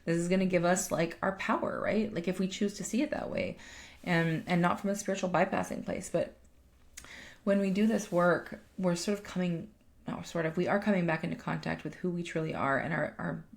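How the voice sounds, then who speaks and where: A woman's voice: lowish voice, steady tone, a little fast, gravelly. A woman life coach and podcast co-host chatting casually, emphatic, swearing freely and often restarting her sentences. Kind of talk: casual chat.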